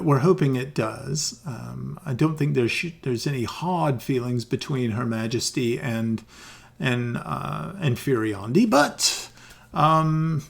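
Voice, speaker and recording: A man's voice: mid-range voice, gravelly. A man doing a stammering royal official. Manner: stammering, nervous.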